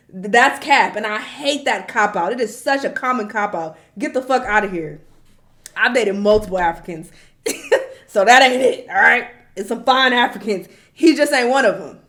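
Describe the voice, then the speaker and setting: A woman's voice: on the high side, a bit bright. A woman hosting a reaction video, giving blunt, profane opinions in casual commentary and often breaking into laughter.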